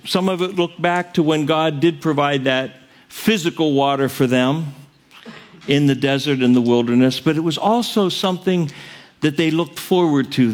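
A male pastor preaches an earnest, direct sermon, breaking into loud cries when he quotes verses. His voice is on the high side.

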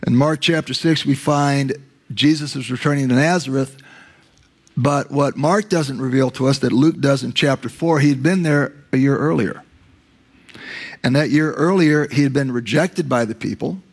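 A male pastor delivers a sermon with a gravelly, slightly husky voice. He retells scripture stories, dropping low for the quoted lines, and slows right down to stress his key words. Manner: storytelling, acts out quotes in a lowered voice.

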